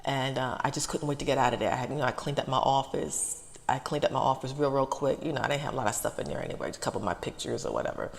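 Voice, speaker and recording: Woman, low gravelly voice, halting soft ramble, close to tears, in a parked car, long reverb. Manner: halting, repeats herself, many fillers. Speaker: ASMR channel host.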